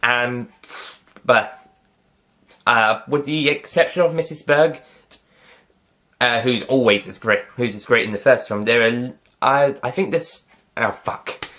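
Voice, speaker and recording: A man's voice: mid-range voice, slow, long pauses, pushed and bright. A man reviewing a film in a loose, casual way, rambling with hesitations and losing his train of thought. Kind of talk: casual review blooper reel.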